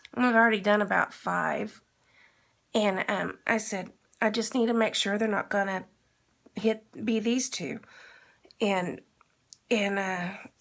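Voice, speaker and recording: A woman with a gravelly, creaky edge to a mid-pitched voice tells a rambling story to the camera. She acts out what everyone said as she goes along. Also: fairly bright tone. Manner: rambling, retells with quoted dialogue. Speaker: vlogger. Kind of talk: casual storytelling.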